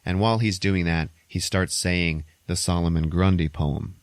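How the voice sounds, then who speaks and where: Male podcast host, lower voice, loose and profane, dry close sound, chuckles through a movie recap. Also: normal speed, dry recording. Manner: profane, laughs through retelling, acts out characters' lines.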